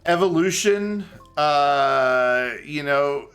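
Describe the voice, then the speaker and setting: A man streaming a game, chatting casually and joking in a rambling, animated way. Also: a little high, very slow, clean tone, faint music behind. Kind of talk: casual chat while playing a game.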